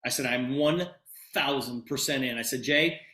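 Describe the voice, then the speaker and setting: A man in his fifties tells a sales story over a video call, acting out the dialogue as he goes. His voice is bright and forceful. The sound is roomy and echoing. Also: mid-range voice, normal speed. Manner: animated retelling, quoting dialogue with repeated "I said". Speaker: presenter of a business opportunity. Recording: roomy echo.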